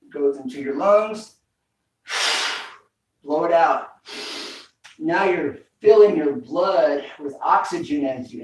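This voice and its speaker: A man teaching a home workout, coaching breathing with repeated cues. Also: a little high. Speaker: fitness instructor. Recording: echoey room, mic far off.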